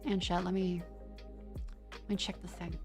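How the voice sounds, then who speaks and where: A young Australian woman streaming, chatting casually and reading her chat aloud with quick restarts. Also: fairly low pitch, flat delivery, over loud music. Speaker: vtuber streamer.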